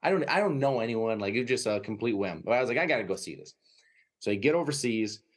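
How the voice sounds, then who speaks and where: A man with a Wisconsin accent, a guest telling a lively anecdote in an interview and often tagging his sentences with "right?". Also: mid-range voice, quick pace. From United States. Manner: lively anecdotal storytelling, frequent "right?" tags. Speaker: guest, dog trainer. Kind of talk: storytelling interview.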